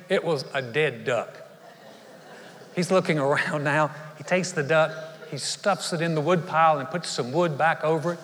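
A man's voice: on the high side, a bit bright, big-room sound. A man preaching a sermon as a pastor, telling a story earnestly in a church.

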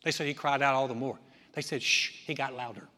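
A man preaching a sermon, animated, acting out scenes with loud cries and asides. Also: medium pitch, fairly quick. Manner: animated, acts out voices with shouts. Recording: echoey hall.

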